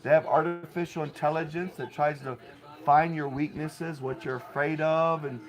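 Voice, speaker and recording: A young man at home rambling in an agitated rant that keeps getting louder and more heated. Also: a little high, fairly even intonation, moderate pace, faint music behind, rough recording. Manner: agitated, repetitive, grows loud and heated. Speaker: vlogger. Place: home, indoors.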